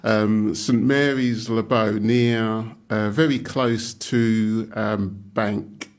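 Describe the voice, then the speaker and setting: A man's voice: fairly low pitch, fairly even intonation, extremely slow. A middle-aged man from London with an East London accent, chatting easily as a podcast guest with many ums and uhs. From London, England. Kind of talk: casual interview chat.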